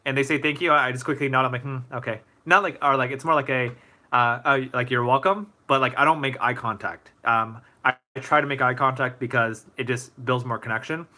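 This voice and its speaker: A young man with a bright, forceful voice hosts a casual livestream Q&A, talking straight to his viewers. He rambles a little, leaning on fillers and restarting his sentences as he thinks aloud, and his pitch sits in the middle for a man. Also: steady tone, fairly quick. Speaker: motivational speaker answering viewer questions. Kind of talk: casual live Q&A.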